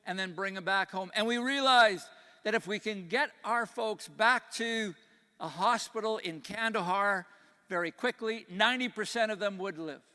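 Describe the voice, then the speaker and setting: An older man, Canadian with a slight Texas twang, gives an earnest, folksy keynote, dropping low and quiet on grave points. His voice is high for a man and bright, with a smooth, clear tone. Long reverb from the large conference hall trails each phrase. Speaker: conference speaker. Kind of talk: keynote speech. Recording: echoey hall.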